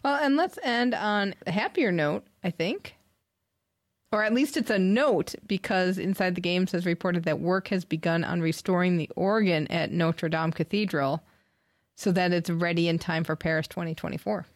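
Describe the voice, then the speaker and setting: A woman's voice: fairly low pitch, moderate pace, no echo. Upbeat woman podcast host, dry sound. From United States. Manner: upbeat, newsy, enthusiastic. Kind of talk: casual chat.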